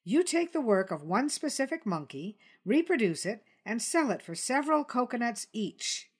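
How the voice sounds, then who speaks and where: A woman voicing Dilly, a calm, persistent jungle news creature who presses her points. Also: mid-range voice, normal speed, slightly rough, pitched above the performer's own voice.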